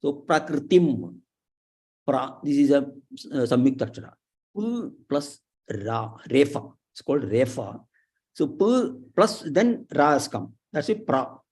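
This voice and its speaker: A man teaching Sanskrit pronunciation, drawing syllables out slowly with many pauses and fillers. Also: fairly high pitch, darkish tone, husky. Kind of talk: explaining slowly, letter by letter.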